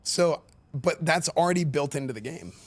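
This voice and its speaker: Excitable rambling male streamer. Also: on the high side, normal speed. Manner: excitable, rambling, filler-heavy with repeated words. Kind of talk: live-stream commentary reacting to game questions.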